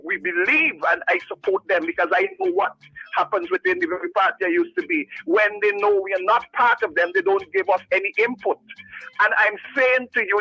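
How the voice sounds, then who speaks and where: A man's voice: sits high, pushed and bright, husky, dry recording. A man calling in to a radio talk show, speaking with impassioned, repetitive, preachy fervor over a phone line. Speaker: caller. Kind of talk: passionate call-in radio rant. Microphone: phone call.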